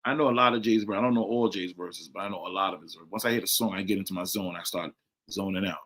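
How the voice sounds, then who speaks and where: Low-voiced man casually chatting on a livestream. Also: fast, a bit bright. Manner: loose, repetitive, talks straight to chat viewers by name. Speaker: livestream host answering chat questions. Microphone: desk microphone, sometimes leaning away from it.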